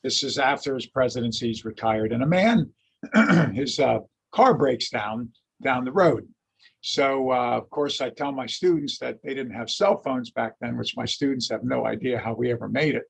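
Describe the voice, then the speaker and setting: Male history lecturer, husky and gravelly, an animated anecdote-teller. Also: medium pitch, moderate pace. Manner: animated storyteller, acts out quotes. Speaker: lecturer and teacher.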